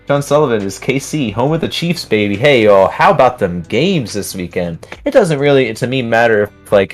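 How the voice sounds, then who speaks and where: A man hosting a live trading stream, chatting casually while reading viewer comments aloud and laughing often. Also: mid-range voice. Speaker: livestream host.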